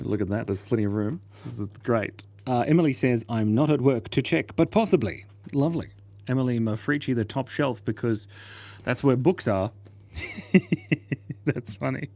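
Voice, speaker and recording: Man, livestream host, playful, chatty, laughs often, mid-pitched voice. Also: lively intonation, normal speed, pauses often, darkish tone, dry recording. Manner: reads viewer comments aloud. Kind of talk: casual live-stream chat while drawing.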